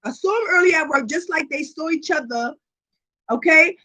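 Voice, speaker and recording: A woman hosting her channel, telling a personal story in a casual vlog with animated, profane delivery and constant check-ins with her viewers. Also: high voice, moderate pace. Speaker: tarot reader and channel host.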